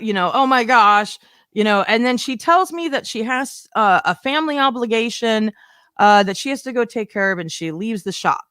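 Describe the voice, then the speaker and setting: A young woman performs stand-up, telling a rambling, animated story and acting out the voices of people she quotes. Her medium-pitched voice has a clear, resonant tone. The clean studio recording has no echo.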